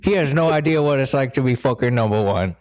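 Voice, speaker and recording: A man's voice: medium pitch, lively intonation, quick pace. A man co-hosting a podcast in casual comedic chat, rambling and joking with plenty of swearing. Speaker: podcast co-host.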